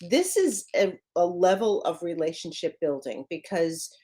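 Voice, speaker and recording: Energetic woman business coach. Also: on the low side, normal speed. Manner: energetic, emphatic, casual with mild swearing. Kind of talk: motivational coaching talk.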